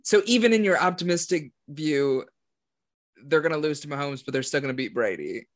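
A man's voice: fairly high pitch, expressive, a little fast. A young man chatting casually about football predictions, thinking aloud with lots of fillers and restarts. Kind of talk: casual sports chat.

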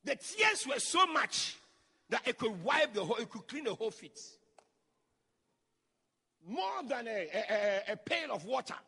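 A male pastor preaching a sermon, acting out quotes and shouting lines for emphasis. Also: extremely high pitch, sing-song, unhurried, vocal fry, pauses often, breathy edge, big-room sound. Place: church.

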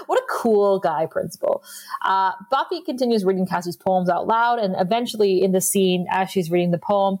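Brief: woman podcast co-host, casual recap chat, mid pitch, laughs a lot. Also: darkish tone. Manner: laughs often, retells scenes with quoted lines.

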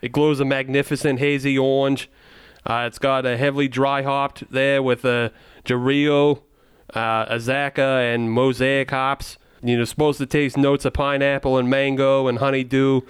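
A man co-hosting a laid-back beer podcast, cracking jokes and laughing as he talks. His voice is smooth and clear, recorded close and dry with no room sound. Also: medium pitch, little pitch movement, normal speed, dry recording. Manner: jokey, laughs often, puts on a mock Boston accent. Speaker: podcast co-host. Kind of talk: casual beer podcast banter.

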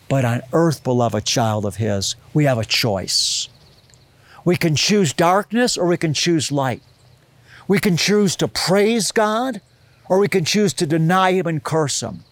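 Male preacher, fairly high voice, dry close sound; reads scripture and expounds it earnestly. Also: expressive, measured pace, no room sound. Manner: reads scripture aloud, then explains it with earnest emphasis. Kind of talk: sermon.

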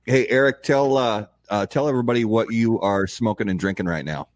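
A man with a very low voice hosts a casual chat. He sounds easygoing and relaxed, and he keeps things moving with short, agreeable affirmations. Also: brisk. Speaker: host.

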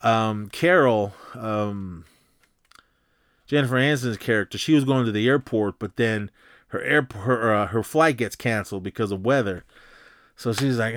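Guy rambling through a movie plot, mid pitch, smooth tone, lots of uh and um, jumps to a higher faster voice for quotes. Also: fairly bright tone, no echo, studio quality. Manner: loose and chatty, with many fillers and restarts. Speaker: podcast host recapping a film. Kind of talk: casual rambling recap.

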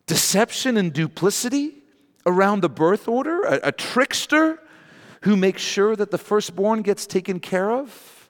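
A male pastor preaching a sermon, reading scripture with animated joking asides and emphatic repetition. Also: sits high, a little slow, big-room sound.

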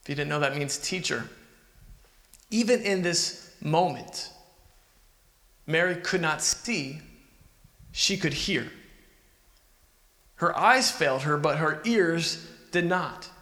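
A man's voice: on the high side, lively intonation, slow pace, pauses often, sharp tone. A man preaching a sermon in an earnest, conversational way, asking the listeners questions. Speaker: pastor. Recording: echoey hall with long reverb.

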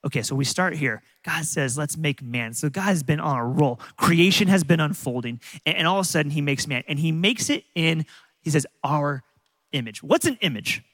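A man preaching a sermon as a pastor, telling stories in an animated way with frequent restarts. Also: a little high, normal speed. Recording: long hall reverb.

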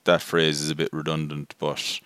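Guy with a super deep smooth voice rambling through a movie review, lots of ums, dry close sound. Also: monotone, moderate pace, fairly bright tone, no room sound. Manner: rambling, self-deprecating, many fillers. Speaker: film review podcast host. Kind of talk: casual spoken movie review.

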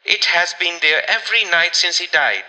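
Male reader as shrill, frightened, stubborn woman, high and bright, reverberant. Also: animated, normal speed, full character voice. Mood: fearful. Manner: shrill and obstinate. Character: terrified, insistent grown woman.

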